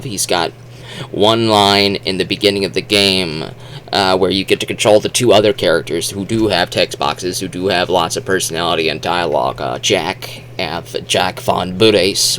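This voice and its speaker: A man's voice: low voice, moderate pace, fairly bright tone, a little hiss or hum. A man giving casual spoken commentary as a video host, rambling with restarts and fillers. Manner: acts out silly exaggerated quotes.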